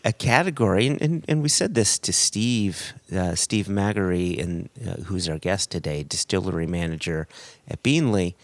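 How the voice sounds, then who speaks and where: A man's voice: deep voice, moderate pace, dry recording. A man from the US co-hosting a casual podcast, rambling and self-deprecating, laughing often between thoughts. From United States. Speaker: podcast co-host.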